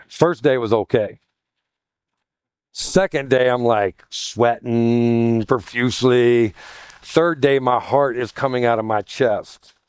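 A male pastor tells a self-mocking story from the pulpit, chatty and anecdotal, and slips into animated voices when he quotes others. His voice is smooth and clear and sits at an ordinary pitch. The sound is dry, with little room echo. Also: slow. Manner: self-deprecating, conversational, anecdotal; animated voicing of quoted people. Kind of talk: humorous sermon storytelling.

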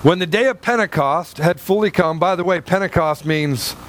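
A male pastor preaching in a high voice, reading a verse and stopping to explain it. He rambles and restarts his sentences, checking in with the congregation, with faint noise behind him. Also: moderate pace, a bit bright. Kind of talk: sermon with Bible reading and anecdote.

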